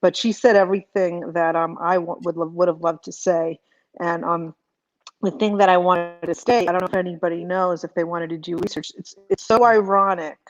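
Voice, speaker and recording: A woman's voice: on the low side, fairly even intonation, moderate pace, no echo, muffled recording. A woman calling in to a live show, chatty and full of restarts. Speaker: caller. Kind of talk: call-in chat.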